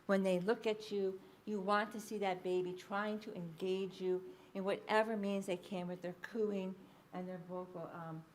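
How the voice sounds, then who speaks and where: A woman giving a public lecture as a researcher, explaining findings in a lively storytelling way, with frequent ums and uhs. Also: mid-range voice, moderate pace, slight background noise. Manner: lively anecdotal storytelling, acting out quoted speech.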